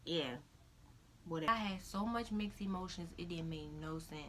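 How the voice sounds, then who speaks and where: A young woman telling a personal story in a casual vlog, animated, acting out the voices of others. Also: moderate pace. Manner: animated, acts out her own crying in high-pitched quotes. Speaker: vlogger. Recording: faint background noise.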